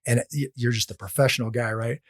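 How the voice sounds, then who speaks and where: A man on a podcast as a guest, telling casual stories in an animated way, often restarting his sentences. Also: mid-range voice, quick pace, no echo, clean studio sound. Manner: animated, acts out quoted lines, frequent restarts. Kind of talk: casual storytelling.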